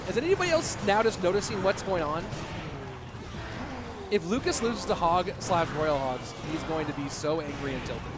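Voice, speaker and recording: A man casting a live esports match, excitable and incredulous, often breaking into laughter. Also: high-pitched, moderate pace, heavy background noise. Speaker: esports caster.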